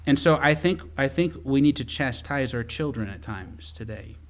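A middle-aged pastor preaches a sermon, earnest and story-filled, often stumbling and restarting. His mid-range voice is expressive and moves at a moderate pace.

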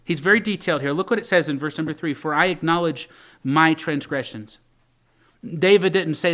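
A man's voice: on the high side, moderate pace, pushed and bright. A man preaching a sermon, reading scripture aloud and pleading in the voice of a repentant king. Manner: impassioned preaching, quoting scripture in old English, pleading voice for David. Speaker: pastor.

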